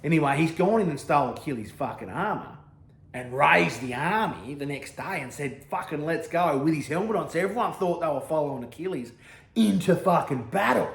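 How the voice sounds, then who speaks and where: Aussie man, crude comic storyteller, high voice, constant swearing, echoey room. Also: expressive, fairly quick, creaky. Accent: Australian. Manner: sweary slang, keeps checking in with "right?".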